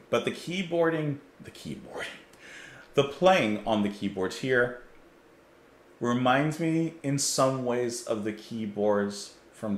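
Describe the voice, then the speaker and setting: A man hosting a music reaction video, chatting enthusiastically and stumbling over names. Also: mid-range voice. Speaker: music reaction channel host. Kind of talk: casual reaction commentary. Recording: roomy echo.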